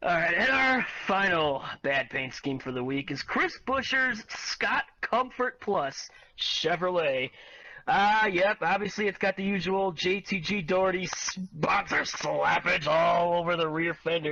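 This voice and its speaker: A man co-hosting a casual podcast, giving his commentary with a slow, wry delivery. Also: sits high, gravelly, bright, forceful tone. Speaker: podcast co-host. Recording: muffled mic with faint background noise.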